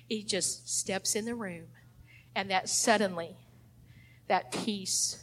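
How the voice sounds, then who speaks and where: A middle-aged woman, teaching an adult Sunday school lesson in a fervent preaching style. She swings between emphatic declarations and hushed passages. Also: mid-range voice, slow.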